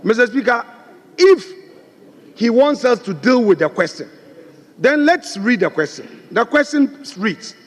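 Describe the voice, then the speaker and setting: In a large parliament chamber with long reverb, the minority leader, a man with a very high voice, presses a question insistently during debate. He is animated yet unhurried and keeps repeating his challenge.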